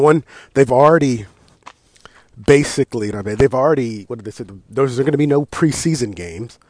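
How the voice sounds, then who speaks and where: A man's voice: mid-range voice, no echo. An American man hosting a casual talk show, ranting about sports with lots of swearing, laughs and restarts. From United States. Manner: loose, swearing, laughs and restarts, animated outbursts. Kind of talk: casual profane sports rant.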